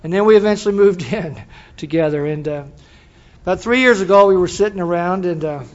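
An older man shares his story with a meeting crowd in a folksy, self-deprecating way, often stopping and restarting. His voice sits high for a man. The recording is dull and lo-fi, with laughter from the audience behind him. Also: brisk. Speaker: speaker sharing his story at a recovery meeting. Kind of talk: personal story told to a live audience.

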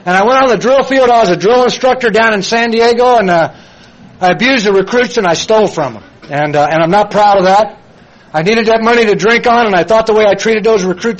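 A man's voice: high voice, rough recording. An older man giving a plain-spoken, confessional personal testimony at a recovery meeting, repeating his key phrases.

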